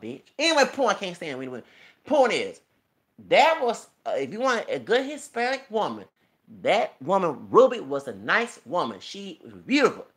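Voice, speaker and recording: A man's voice: high voice, wildly swooping pitch, moderate pace, fairly bright tone. Heated, profane man ranting on camera. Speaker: YouTuber. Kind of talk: ranting celebrity gossip commentary.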